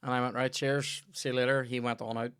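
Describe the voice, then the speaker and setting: A man's voice: medium pitch, flat delivery, quick pace, fairly bright tone, clean tone. A man with a Northern Irish accent hosting a casual comedy podcast, telling rambling, sweary anecdotes. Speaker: podcast host.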